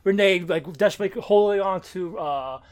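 A man in casual conversation about a comic, talking excitedly with frequent stammers and restarts. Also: high-pitched, moderate pace. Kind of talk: casual comic-book discussion.

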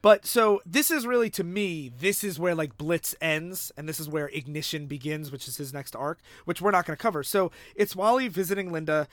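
A man co-hosting a casual comic book podcast, quickly recapping the plot and acting out the characters' lines. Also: on the high side, no room sound. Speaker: podcast co-host.

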